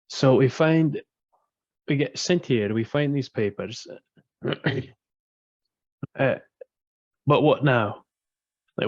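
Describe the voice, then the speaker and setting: A man's voice: mid-range voice, darkish tone, dry recording, muffled recording. A man playing a tabletop game, asking puzzled questions about what to do next. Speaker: player. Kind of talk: casual game chat.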